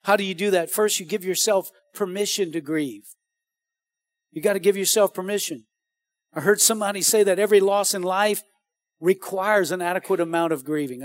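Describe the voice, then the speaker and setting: Male pastor, very high pitch, close dry sound, animated sermon delivery. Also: no echo. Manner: animated, calls out to the congregation.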